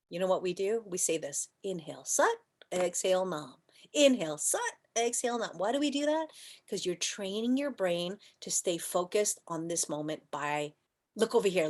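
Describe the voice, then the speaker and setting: A woman teaching a yoga class online, chatty and playful, asking rhetorical questions and at times softly chanting. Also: medium pitch. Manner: soft chanting and whispering at times.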